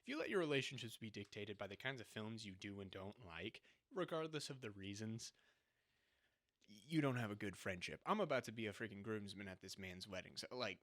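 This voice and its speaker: A young man co-hosts a podcast in a casual, sarcastic chat, often laughing as he mocks what he describes. His voice sits on the low side with lively intonation, a brisk pace and a fairly bright tone.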